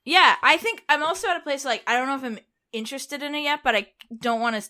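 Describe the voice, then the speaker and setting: A woman's voice: sits high, quick pace, sharp tone. A woman co-hosting a podcast in casual chat, hesitant and self-deprecating. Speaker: podcast co-host.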